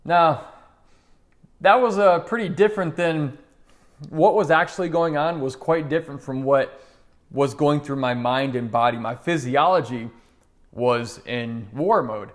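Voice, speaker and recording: A somewhat high-voiced middle-aged man, unhurried, shares a personal story as a motivational speaker. He stays earnest and conversational while animatedly voicing the characters he quotes.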